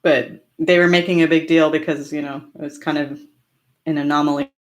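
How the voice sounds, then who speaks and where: A chatty woman from Orange County, California, hosts a casual live stream, answering viewer comments with lots of fillers and laughter. Her voice sits low with a steady tone, and she talks a little fast.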